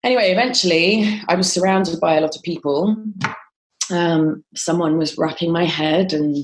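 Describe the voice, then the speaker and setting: A woman guest on a podcast telling a personal story in a halting, conversational way, with frequent ums and restarts. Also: on the low side, noisy background.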